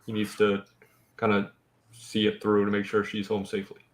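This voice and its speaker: A man's voice: fairly low pitch, monotone, normal speed. A man playing a tabletop game, talking casually in a dry, wry way. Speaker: player.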